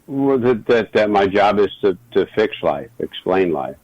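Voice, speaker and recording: A man's voice: lowish voice, very animated, measured pace, darkish tone, no room sound, dull audio. A middle-aged man, a regular guest, talking earnestly and telling stories in a reflective conversation. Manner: earnest, storytelling.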